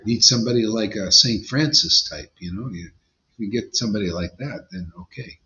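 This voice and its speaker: A man's voice: lowish voice, brisk, bright, forceful tone, lo-fi sound. A man giving an informal devotional sermon as a spiritual teacher, blunt and emphatic, with slangy asides.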